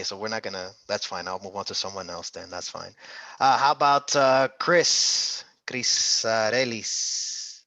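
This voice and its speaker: A man's voice: on the low side, pushed and bright, no echo. A man tutoring an interactive online medical exam class, upbeat and coaxing, calling on students by name.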